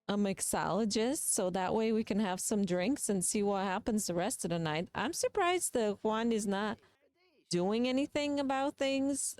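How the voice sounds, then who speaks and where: A woman's voice: medium pitch, darkish tone, dry recording. Chatty young woman narrating a game. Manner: chatty, playful, gossipy. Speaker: gaming channel host. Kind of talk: casual game commentary.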